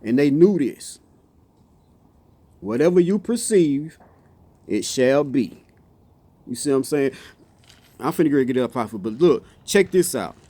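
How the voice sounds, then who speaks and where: Passionate man with a lively voice. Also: medium pitch, a little slow, long pauses, no room sound. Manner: passionate, repeats "you see what I'm saying", stumbles and restarts. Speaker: motivational speaker. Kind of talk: impassioned off-the-cuff monologue.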